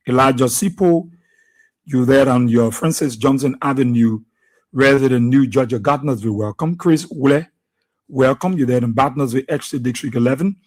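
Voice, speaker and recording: A radio host speaks in at a medium pitch for a man. He works through a long list of listener names and places in a steady, repeating rhythm. Each name is followed by the same welcome. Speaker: radio talk show host. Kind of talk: live radio call-in greetings.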